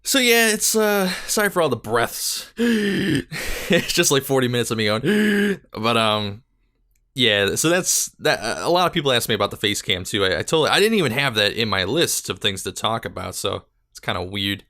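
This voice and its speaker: A man's voice: medium pitch, big pitch swings, moderate pace, pushed and bright, no room sound, studio quality. A young man hosting a casual solo podcast, rambling with lots of fillers and a little out of breath. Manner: rambling, filler-heavy, self-deprecating. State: slightly out of breath. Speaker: podcast host and gaming YouTuber.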